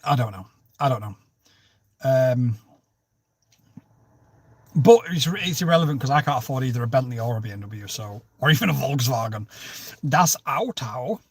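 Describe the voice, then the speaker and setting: Speaking at a normal speed with frequent pauses, this man has a mid-range, slightly rough voice. He's hosting a casual livestream, joking around, jumping from topic to topic, responding to comments and calling out viewers by name.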